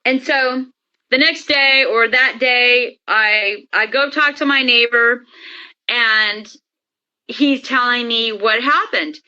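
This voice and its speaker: A woman interview guest telling her story in a lively way and acting out the dialogue. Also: a little high, slow pace, smooth, highs cut off. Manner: lively, acts out quoted dialogue. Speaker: interview guest, paranormal experiencer. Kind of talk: animated storytelling.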